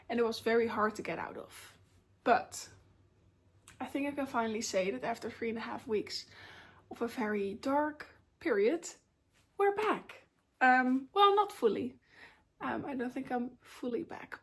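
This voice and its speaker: Speaking straight to her camera, a young vlogger shares news from her personal life in a fairly high voice. She's open and talkative, and her phrasing rambles loosely with plenty of ums and likes.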